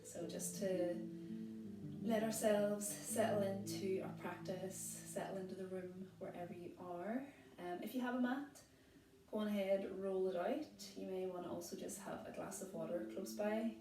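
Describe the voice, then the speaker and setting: A woman leading a yoga class, guiding the breathing in a gentle, calm and reassuring way. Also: mid-range voice, moderate pace. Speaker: yoga instructor. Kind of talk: guided yoga class instruction. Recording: roomy, distant mic, loud guitar music.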